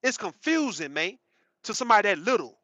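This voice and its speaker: A man's voice: high-pitched, big pitch swings, a little fast, bright, forceful tone, no room sound. A man in his thirties giving a rambling, profane, emphatic casual commentary monologue, often repeating himself. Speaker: commentary channel host. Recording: dull, muffled sound.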